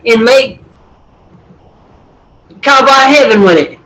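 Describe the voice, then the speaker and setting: A woman's voice: a little high, slow pace, fairly bright tone, echoey room, low-quality recording. A woman voicing a rowdy Southern country yokel with a put-on Southern drawl and folksy slang. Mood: goofy.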